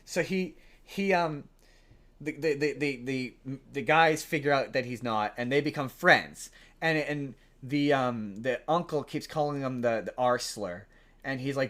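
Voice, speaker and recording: A man's voice: medium pitch, a little slow, fairly bright tone. A man co-hosting a podcast, casually retelling a movie plot in a rambling way, with many restarts and quoted lines. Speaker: podcast co-host.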